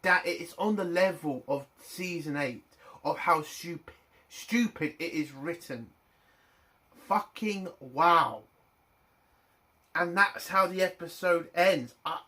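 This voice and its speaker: A man in full rant mode, reviewing a TV episode with mounting outrage. He swears constantly and pushes his voice up into loud, indignant bursts. His tone is bright and forceful, sitting a touch higher than most men. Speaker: TV review vlogger. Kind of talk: angry ranting review.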